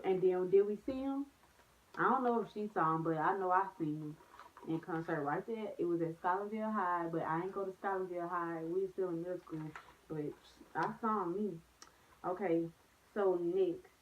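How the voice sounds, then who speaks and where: A young woman chatting casually in a vlog, telling stories with lots of slang and "like"s. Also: fairly low pitch. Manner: animated storytelling with slang and many "like"s. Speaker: vlogger. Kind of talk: storytime vlog, casual chat. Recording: phone-like narrow sound.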